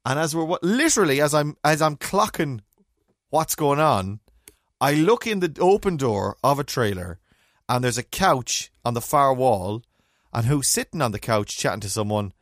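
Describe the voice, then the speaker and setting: An Irish man hosting a podcast, telling stories in animated casual chat with wry asides. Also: medium pitch, normal speed, no echo, clean studio sound. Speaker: podcast host.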